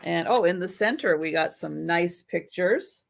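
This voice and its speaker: Slow, chatty woman hosting a sale. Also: lowish voice, vocal fry, slight background noise. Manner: chatty, rambling, full of restarts. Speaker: host of a live sale. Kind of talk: casual live-stream chat.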